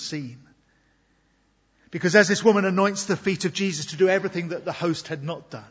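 A man preaching a sermon in an earnest, reflective way, moving between loud emphasis and quiet asides. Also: fairly high pitch, slightly rough. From Britain. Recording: long hall reverb, dull lo-fi sound.

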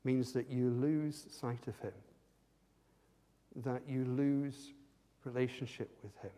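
A man preaching a sermon and leading prayer, impassioned, swinging from hushed tones to fervent outbursts. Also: mid-range voice, flat delivery, slow. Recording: long hall reverb.

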